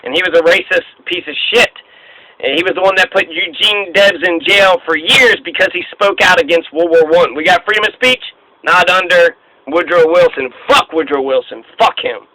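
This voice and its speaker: A man's voice: sits high, fairly quick, pushed and bright, slight background noise, poor audio. A man giving an informal history talk in a blunt, profane, sarcastic manner. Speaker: history lecturer.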